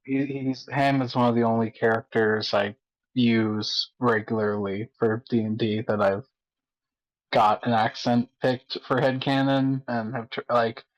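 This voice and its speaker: A man's voice: mid-range voice, flat delivery, unhurried, lo-fi sound. A man with a sore, strained throat, a player in a tabletop game, chatting casually in a laid-back, joking way. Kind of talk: casual chat.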